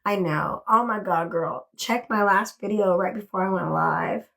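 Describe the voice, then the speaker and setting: Hosting a casual livestream from her bedroom, a woman gushes and chats, thanking viewers again and again and swearing offhandedly. Her voice is medium in pitch and fairly bright, with vocal fry and an unhurried delivery.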